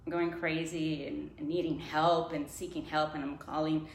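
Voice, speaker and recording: In a low voice with a flat delivery and normal speed, a woman guest tells a personal faith story conversationally, often laughing and acting out her earlier thoughts. The recording has room echo and faint noise.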